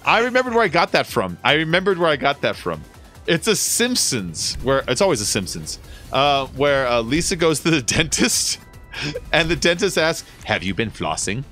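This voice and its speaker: A man's voice: fairly high pitch, big pitch swings, moderate pace, pushed and bright. A man streaming a video game, chatting casually with his guests, joking and swearing now and then. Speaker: streamer hosting a game session. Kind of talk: casual chat over gameplay. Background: game music.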